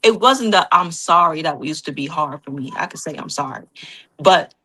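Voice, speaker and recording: A woman's voice: deep voice, animated, normal speed, bright, forceful tone, husky. A woman on a casual podcast debate who explains her side through personal examples.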